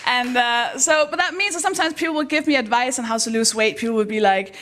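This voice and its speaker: A woman performing a stand-up comedy set in a deadpan, self-mocking way, then introducing the next act. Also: fast, hardly any pauses. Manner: deadpan self-mocking, with bursts of high excited voices for quoted people.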